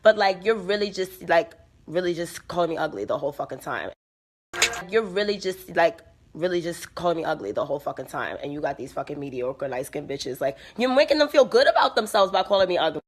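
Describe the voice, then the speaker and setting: A woman in her twenties ranting hard, swearing through every line and circling back to the same complaint. Her voice sits fairly low for a woman. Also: expressive, brisk, slight background noise. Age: 20s. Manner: heated, swearing, repetitive. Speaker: guest speaking in a played clip. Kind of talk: angry profane rant.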